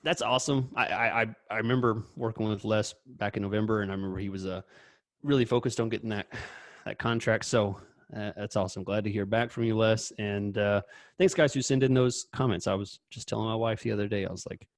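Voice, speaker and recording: A man's voice: on the low side, fairly even intonation, fairly quick, dry recording, studio quality. A man co-hosting a podcast, chatting casually and reading sponsor spots in an upbeat, chatty way. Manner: upbeat, chatty, hesitant restarts. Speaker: podcast co-host. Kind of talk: casual podcast chat with ad reads.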